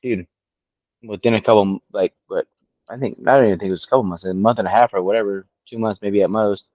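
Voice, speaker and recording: A man's voice: fairly low pitch, fast, no room sound, narrow, tinny audio. A man in his late thirties, co-hosting a podcast, telling a personal story in a casual, profane way and acting out what others said. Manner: profane, storytelling, animated quoting. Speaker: podcast co-host.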